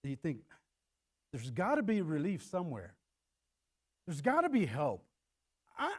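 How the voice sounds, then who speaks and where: Middle-aged male pastor, animated sermon delivery, slightly high voice with a wide, lively range. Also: measured pace, pauses often, husky. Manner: animated, acts out quotes in shifting voices. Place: church.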